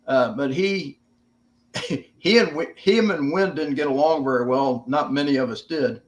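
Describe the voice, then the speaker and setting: Older man, American, plainspoken, casual storytelling, slightly raised pitch. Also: unhurried. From United States. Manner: plainspoken, swearing, laughing through stories. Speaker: guest, veteran.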